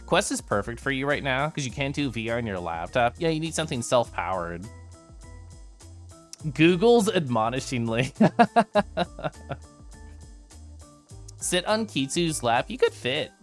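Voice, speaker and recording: A man's voice: mid-range voice, very animated, unhurried, long pauses, faint music behind. Giggly bubbly male streamer. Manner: giggly, bubbly, chatty with many asides. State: tipsy from whiskey earlier. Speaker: streamer recapping VR chat meetups. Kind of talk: casual livestream chat to viewers.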